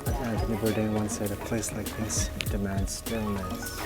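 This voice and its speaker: A man's voice: fairly low pitch, flat delivery, moderate pace, loud music behind the voice, poor audio. A man filming a casual travel vlog outdoors along a river, talking loosely to the camera with lots of fillers and restarts. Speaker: travel vlogger.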